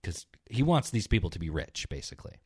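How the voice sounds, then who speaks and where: Young male podcast co-host, very low voice, loose swearing storyteller, dry close sound. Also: big pitch swings, quick pace, a little mellow, slightly rough, no room sound. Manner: rambling, swears a lot, acts out characters in a low mutter. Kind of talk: casual chat retelling stories.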